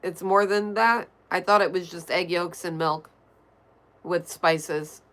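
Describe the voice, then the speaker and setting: Taking her time, a woman hosts a relaxed livestream, reading viewers' messages aloud and replying. Her nasal voice sits fairly low, with fairly even intonation and a fairly bright tone.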